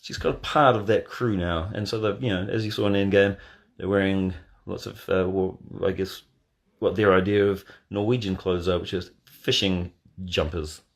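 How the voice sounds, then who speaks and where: A man hosting a casual live watch party from bed, answering chat questions in a deadpan, joking way. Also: low voice, moderate pace, few pauses. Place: in bed at home. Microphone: phone.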